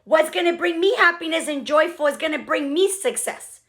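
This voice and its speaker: A woman with a high, bright-sitting voice delivers a motivational talk to her business team over a call. She talks emphatically, repeats key lines for weight, and keeps checking in with her listeners. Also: expressive, normal speed. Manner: emphatic, repeats herself, peppers speech with "okay". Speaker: business mentor speaking to a team.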